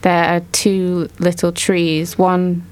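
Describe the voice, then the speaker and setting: A woman leading a casual art discussion, a mother, describing artworks slowly and thoughtfully. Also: lowish voice, level tone, dry recording. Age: adult mother. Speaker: discussion moderator.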